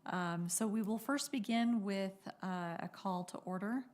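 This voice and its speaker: A woman's voice: mid-range voice, a little slow, darkish tone. A woman chairing a city council meeting, chatty and apologetic, correcting herself as she goes, speaking into a rostrum microphone. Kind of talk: meeting chair's casual introductions.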